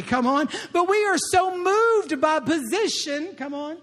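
Animated high-voiced preacher. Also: male voice, unhurried, hardly any pauses. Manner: animated preaching with call-and-response asides. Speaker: pastor. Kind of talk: sermon.

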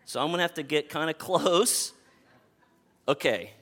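A male pastor in his fifties delivers a sermon in a fairly high, animated voice. He leans hard on key words and repeats himself for emphasis as he drives each point home. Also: normal speed. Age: 50s.

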